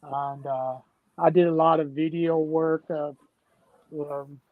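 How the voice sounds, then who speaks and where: A man's voice: on the high side, little pitch movement, slow, dry recording. A man with a Southern US accent from Tennessee, telling rambling folksy stories in casual conversation as a guest. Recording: dull, dry lo-fi sound.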